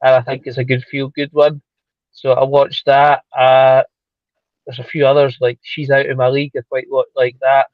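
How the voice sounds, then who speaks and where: A man's voice: mid-range voice, flat delivery, normal speed, no echo. A middle-aged man chatting casually on a livestream, stumbling and repeating words, with frequent chuckles. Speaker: livestream co-host. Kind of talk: casual chat. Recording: dull lo-fi call audio.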